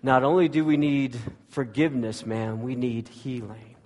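A male pastor telling a family story in a conversational, animated way, then praying. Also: mid-range voice, moderate pace. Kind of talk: sermon with storytelling. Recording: long hall reverb.

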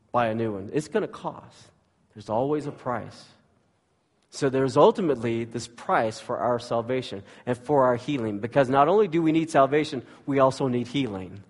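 A male pastor telling a family story in a conversational, animated way, then praying. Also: mid-range voice. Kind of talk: sermon with storytelling. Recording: long hall reverb.

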